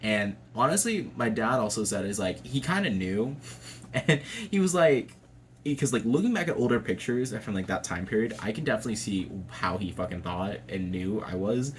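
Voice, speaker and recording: A man's voice: on the low side, expressive, moderate pace, a little hiss or hum. A young adult man telling a personal story to camera in a casual, chatty way, swearing freely and laughing often. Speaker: vlogger.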